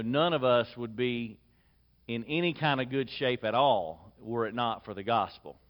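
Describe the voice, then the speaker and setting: A man preaching a verse-by-verse sermon. He reads scripture and prays softly, then explains the text in a relaxed, conversational way. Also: on the high side. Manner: soft, hushed prayer. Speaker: pastor. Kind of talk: expository sermon.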